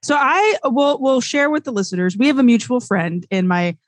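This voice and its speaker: A woman's voice: a little high, lively intonation, moderate pace, dry recording. A woman with a Louisiana accent hosting a podcast, chatty and friendly as she introduces and questions her guest. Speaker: podcast host. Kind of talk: podcast interview.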